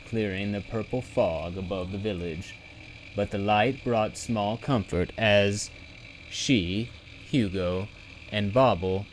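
A man reading a fantasy audiobook aloud at an unhurried, deliberate pace. His voice sits on the lower side, and a faint hiss lies beneath his steady narration. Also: rough recording. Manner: measured, steady storytelling. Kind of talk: scripted narration.

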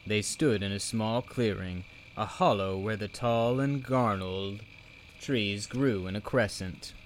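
A man with a low voice narrating a children's book at an unhurried pace. His delivery is measured and expressive, with a faint hiss of background noise. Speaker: reader.

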